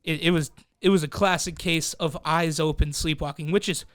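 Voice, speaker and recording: On a podcast, a young male co-host tells a story casually among friends, swearing freely, staying animated, and acting out what people said. His voice is on the high side at a normal speed, captured with clean studio sound and no echo.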